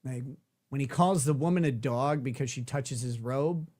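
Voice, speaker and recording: A man's voice: medium pitch, a little slow, darkish tone. A man hosting a livestream, chatting casually, joking and swearing irreverently. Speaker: host.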